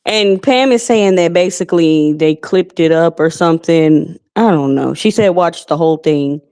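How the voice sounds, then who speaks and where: A woman's voice: on the low side, normal speed, dark tone, clear, resonant tone. A woman hosting a casual live stream, rambling and chatty, calling people honey.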